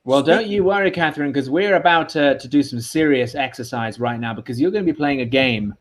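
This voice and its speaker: A man's voice: mid-range voice, a little fast. A man hosting an improvised comedy livestream, playful and laughing between storytelling and banter. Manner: playful, laughing, hesitant fillers.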